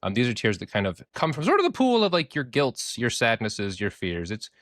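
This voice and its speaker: A man's voice: mid-range voice, wildly swooping pitch, a little fast, fairly bright tone, dry recording. A man co-hosting a podcast, explaining things in a rambling, jokey way with some swearing. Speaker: podcast co-host. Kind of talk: casual chat, explaining.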